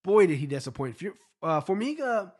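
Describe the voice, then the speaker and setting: A man talking through fight results in a loose, rambling solo recap. His voice sits a little high for a man, and he is blunt and swears freely. He restarts his sentences often as he thinks aloud. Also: very animated, brisk. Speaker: MMA fight recap podcaster.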